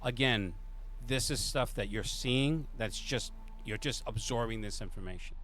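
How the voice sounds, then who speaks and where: A man running a tabletop game as game master, narrating in a loose, improvised, halting way. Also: medium pitch, a bit bright, slight background noise.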